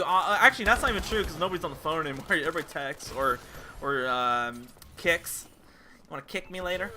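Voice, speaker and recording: A young man telling stories over gameplay in a rambling, casual way. He often restarts his sentences and trails off. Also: on the high side. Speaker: gaming channel host.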